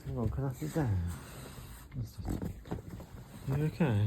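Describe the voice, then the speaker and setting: A man's voice: mid-range voice, a little slow, gravelly, long pauses. A man, talking to his dog at home, soothing and repeating himself. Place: indoors at home during a thunderstorm. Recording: noisy home recording with rain. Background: heavy rain.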